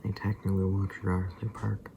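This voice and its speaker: Low gravelly man, half-whispered vlog talk. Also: flat delivery, fairly quick, slight background noise, rough recording. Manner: often drops to a soft unvoiced whisper; loose and rambling, full of fillers and asides. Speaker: vlogger. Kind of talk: casual rambling vlog talk.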